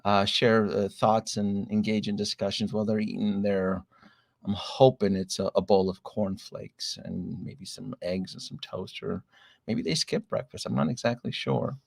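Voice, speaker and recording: A man's voice: lowish voice, fairly even intonation, moderate pace, gravelly, no room sound. Stream host, middle-aged man, a bit breathless from a cold, chatty roll-call delivery, dry close sound. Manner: chatty, greets viewers one by one with filler "uh"s. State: recovering from a chest cold, a bit short of breath. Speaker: livestream host. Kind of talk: casual live-stream chat reading viewer names.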